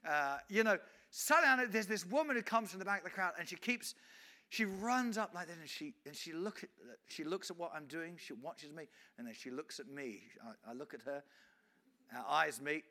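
A man's voice: sits high, animated, a little fast, sharp tone. A man, an evangelist telling a story in a sermon, acting out scenes with frequent restarts. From England.

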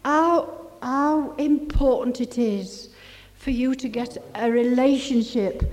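A woman's voice: high-pitched, darkish tone. Older woman preaching. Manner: rambling, halting with many fillers, rising to fervent exclamations. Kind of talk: testimony sermon. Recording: long hall reverb.

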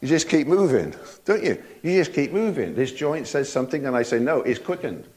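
Older man, folksy sermon, fairly high voice, laughs between lines. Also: very animated, brisk, noisy background. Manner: folksy, chuckling, repeated tag questions. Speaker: preacher.

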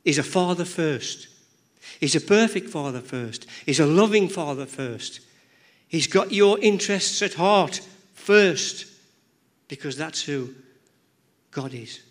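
Slightly high-voiced male preacher, repeating for emphasis. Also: expressive, takes it slowly. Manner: repeats words and phrases, rhythmic, emphatic. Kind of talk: sermon. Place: church.

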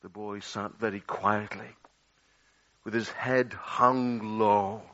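A man preaching a sermon, swinging dramatically between loud outbursts and hushed, low passages. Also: steady tone, takes it slowly. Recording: dull lo-fi audio.

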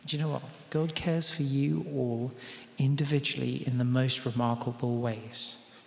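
A man's voice: medium pitch, steady tone, normal speed, creaky. A British man preaching a sermon to his congregation, in a conversational style with asides to the people in the room. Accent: British English. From Britain. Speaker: pastor. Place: large church hall. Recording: echoey church hall with long reverb.

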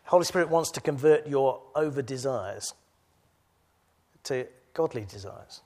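A man delivering a sermon in a medium voice, speaking gently and thoughtfully in one stretch, then urging his listeners on with rising force. He addresses a church gathering directly. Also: medium pitch, animated, measured pace. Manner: swings from quiet reflection to loud exhortation. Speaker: preacher.

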